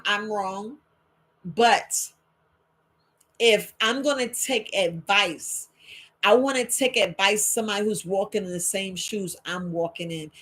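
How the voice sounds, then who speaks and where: A woman hosts an unscripted health talk. She speaks at a middle pitch and jumps into quick exchanges with imagined listeners, acting out their voices. Her delivery stays loose and conversational. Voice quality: animated, talks back and forth with imagined listeners. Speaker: herbalist host. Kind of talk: casual monologue.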